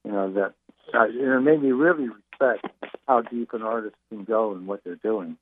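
A man's voice: fairly low pitch, moderate pace, a little hiss or hum. An older man, a musician guest in an interview, telling stories with many fillers and restarts. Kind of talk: interview over the phone. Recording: tinny phone line.

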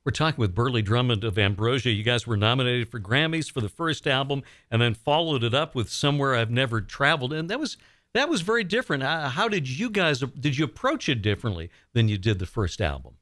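A man's voice: medium pitch, expressive, fairly quick, fairly bright tone, dry recording. Man, radio host, friendly questioner, dry close mic. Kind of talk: radio interview.

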